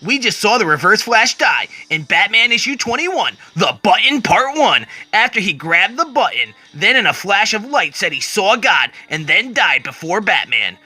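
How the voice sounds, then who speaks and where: A man's voice: sits high, very animated, normal speed, hardly any pauses, pushed and bright. A man retelling a comic book story as a dramatic reading, quoting the characters along the way.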